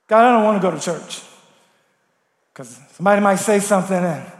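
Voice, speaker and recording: A man preaches with strong feeling, his voice sitting very high for a man. He swings between loud appeals and soft, hushed prayer. The sound rings through a large, echoey church hall. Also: animated, moderate pace. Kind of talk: sermon.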